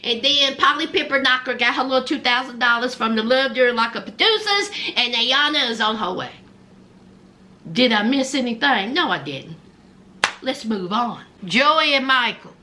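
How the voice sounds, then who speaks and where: Sassy, lively-voiced woman vlogger. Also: a little high, moderate pace. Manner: sassy, exclamatory, storytelling. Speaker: reality TV recap vlogger. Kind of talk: casual commentary recap.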